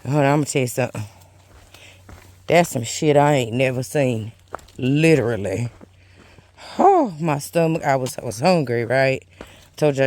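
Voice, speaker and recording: Slow-talking chatty man hiking outdoors. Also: medium pitch, a little mellow. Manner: chatty and exclamatory, calls viewers honey and y'all. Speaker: thru-hiker vlogger. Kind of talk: casual vlog while hiking. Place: outdoors on a forest trail.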